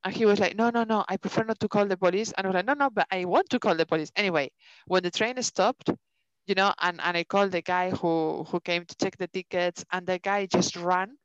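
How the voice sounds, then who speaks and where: A woman's voice: medium pitch, fairly even intonation, a little fast, no echo. Lady telling a story on a podcast, swears a lot, acts out the voices, dull dry lo-fi sound. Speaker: podcast co-host. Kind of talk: casual storytelling chat.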